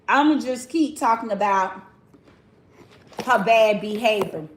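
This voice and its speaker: A woman in her forties runs a casual live-stream commentary, addressing her chat in a slow, unhurried drawl. Her voice sits a little high, blunt and sassy. The room around her rings with a noticeable echo. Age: 40s. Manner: drawn-out, talks straight to the chat.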